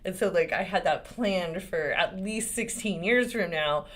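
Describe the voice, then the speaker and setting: A woman's voice: fairly low pitch, a little slow, fairly bright tone. A woman in her forties, a lawyer and channel host, talking casually to camera and shifting between serious points and laughter. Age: 40s.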